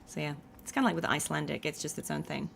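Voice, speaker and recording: A woman's voice: low-pitched, quick pace, creaky, a little hiss or hum. A young woman with a Danish accent, chatting casually as co-host of a game playthrough and explaining the game to viewers. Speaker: co-host and player. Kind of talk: casual let's-play chat.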